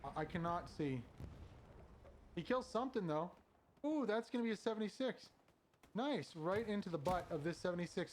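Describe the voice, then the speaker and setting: A man casting a competitive online shooter match as play-by-play commentator, quick and conversational, climbing in pitch when the action heats up. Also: slight background noise. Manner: excited, rising sharply at big plays. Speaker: shoutcaster.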